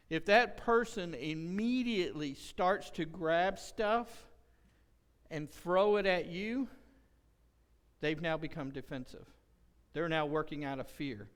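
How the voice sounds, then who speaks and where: A male pastor delivers an impassioned sermon in a church, his high voice rising loud whenever he acts out a quote. His tone is smooth and resonant. The sound carries a long hall reverb around him. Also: moderate pace. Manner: impassioned preaching, rising loud when quoting. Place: church sanctuary.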